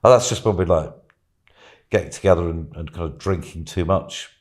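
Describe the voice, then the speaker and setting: A man's voice: sits low, fairly quick, a little mellow. A man and podcast guest telling a casual, rambling story, chuckling and dropping plenty of "you know"s.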